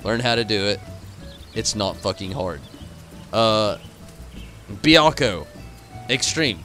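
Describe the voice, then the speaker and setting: A man's voice: medium pitch, pushed and bright. A tired, frustrated man signing off his stream, rambling and swearing as he thanks his chat. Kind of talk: casual stream sign-off to chat.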